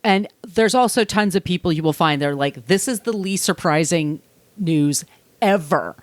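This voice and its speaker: A woman's voice: fairly low pitch, moderate pace, no echo. A woman co-hosting a casual podcast, talking bluntly and sarcastically with plenty of swearing. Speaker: podcast co-host.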